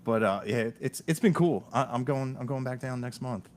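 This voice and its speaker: A man from Delaware, in the US Northeast, hosts a podcast in a brisk, mid-range voice, with a little hiss or hum in the recording. He is an animated storyteller who chats casually, laughs a lot, and restarts sentences many times.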